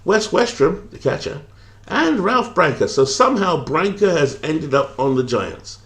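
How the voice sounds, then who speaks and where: A man's voice: on the high side, big pitch swings, a little slow, a bit bright. A British man streaming a baseball simulation, chatting casually, thinking aloud and reading out viewer comments, with lots of hesitant fillers. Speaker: game streamer.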